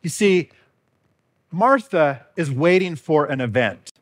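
A man with a fairly high voice preaches a sermon in a church. He talks in an earnest, conversational way and keeps asking his listeners rhetorical questions. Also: expressive, takes it slowly. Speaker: pastor.

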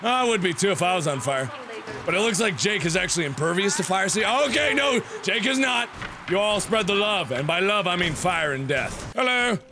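A man giving goofy, excitable gameplay commentary with frequent exclamations and swearing. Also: high voice, brisk, noisy background.

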